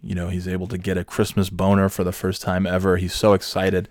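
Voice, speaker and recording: A man telling a comic story recap in a rambling, hesitant, deadpan way. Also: low-pitched, fairly quick, dry recording.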